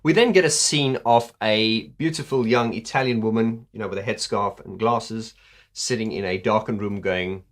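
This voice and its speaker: A man's voice: on the low side, normal speed. A man hosting a casual video commentary, enthusiastic, laughing often, with many fillers. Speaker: host.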